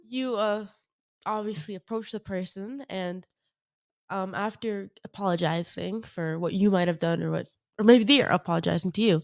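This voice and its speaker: Thoughtful young woman, hesitant and measured. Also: medium pitch, vocal fry. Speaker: guest. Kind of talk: casual conversation.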